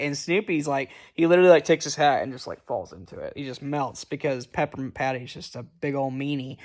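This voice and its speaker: Man, casual movie recap, rambling, profane, slightly high voice. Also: lively intonation, fairly quick, hardly any pauses. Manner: rambling, profane, lots of fillers and restarts. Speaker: movie reviewer.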